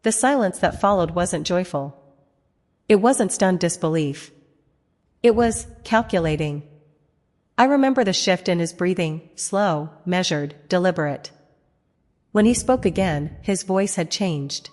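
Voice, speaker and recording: A woman narrating a first-person dramatic story in a measured voice with heavy pauses. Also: on the low side, lively intonation, a little mellow. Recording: long reverb, music behind.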